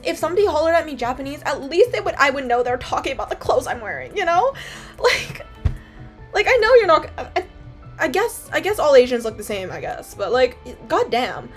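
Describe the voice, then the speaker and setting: A young woman from Canada, chatting casually to her stream viewers in a rambling, filler-heavy way and swearing freely. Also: sits high.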